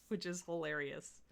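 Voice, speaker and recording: A woman's voice: fairly low pitch, gravelly, pushed and bright. A middle-aged woman giving a live miniature painting demo, chatting and laughing with her viewers as she works. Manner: chatty, rambling, laughs often.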